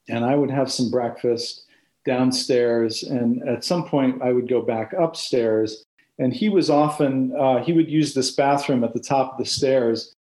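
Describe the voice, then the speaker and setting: A man's voice: mid-range voice, a little mellow. A man being interviewed for an oral history, reminiscing in a reflective, hesitant way with many restarts.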